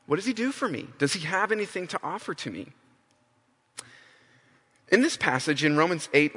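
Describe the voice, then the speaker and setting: A man's voice: on the high side, bright, forceful tone. A man preaching a sermon, emphatic, often restarting and repeating phrases. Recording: long hall reverb.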